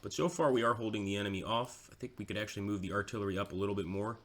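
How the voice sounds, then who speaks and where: A man's voice: fairly low pitch, rapid-fire. A man giving casual, chatty commentary over a strategy game, mocking himself now and then.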